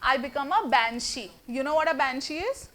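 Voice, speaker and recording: A woman with an Indian English accent, a communication trainer giving an energetic, theatrical workshop lecture and quizzing the students in the room. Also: high-pitched, normal speed. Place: classroom with a live student audience.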